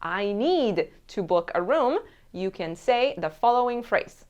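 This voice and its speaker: A woman teaching a language lesson, saying each travel phrase slowly and clearly and repeating it. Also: mid-range voice, animated, a little mellow, lo-fi sound. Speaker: Spanish teacher.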